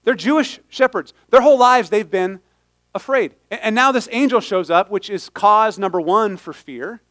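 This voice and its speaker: A man with a fairly high voice preaches with lively humor. He often breaks off and restarts his sentences, and the recording is close and dry. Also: normal speed, no echo. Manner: animated, humorous, self-interrupting. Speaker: pastor. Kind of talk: sermon.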